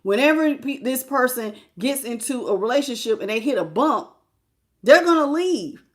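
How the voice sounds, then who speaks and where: A woman's voice: high voice, lively intonation, moderate pace. A woman giving a casual tarot reading, talking bluntly in a colloquial, storytelling way and addressing her viewers directly. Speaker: tarot reader.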